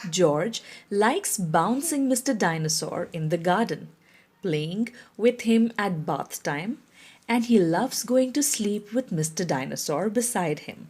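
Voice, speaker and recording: A woman reading a children's storybook aloud, slow, expressive and clear. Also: medium pitch. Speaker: story reader.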